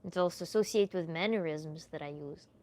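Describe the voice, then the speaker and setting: A woman with a Russian accent, a native Russian speaker, answering viewers live as a tantra coach in a relaxed, chatty way that is full of little laughs. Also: deep voice, fairly quick. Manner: relaxed, chatty, laughs often, many "like" fillers. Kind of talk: livestream Q&A chat.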